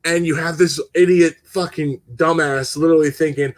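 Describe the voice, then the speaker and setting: A man's voice: fairly high pitch, fairly even intonation, moderate pace, hardly any pauses, dry recording. A man hosting a gaming channel, ranting heatedly on a casual live stream, swearing and stumbling over restarts while answering viewers' comments. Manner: talks to viewers and reads chat comments.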